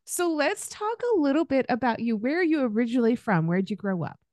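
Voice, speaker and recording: A woman's voice: high-pitched, very animated, brisk, a little mellow, no echo, clean studio sound. A woman podcast host from Arkansas, chatting in a friendly way and laughing often as she interviews her guest. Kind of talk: casual interview conversation.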